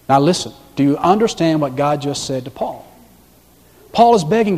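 A male pastor delivers a sermon in a somewhat high-pitched voice. He leans loudly into emphatic points, then slows and drops his voice low. The sound carries a long reverb, as if in a large hall. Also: sing-song. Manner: dramatic swings between loud emphasis and hushed, slow delivery.

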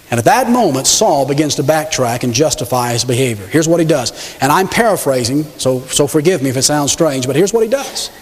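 A man preaching a sermon in an emphatic storytelling manner, calling out directly to his congregation. His voice is high and swoops widely, and a long reverb from a large hall trails every phrase. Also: animated, quick pace, few pauses.

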